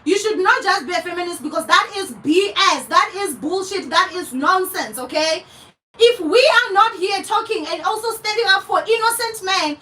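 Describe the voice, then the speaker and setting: South African woman, young vlogger, very high, sharp voice, furious profane rant, mic a bit distant. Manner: heated, profane, repeats herself for emphasis. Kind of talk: angry commentary rant.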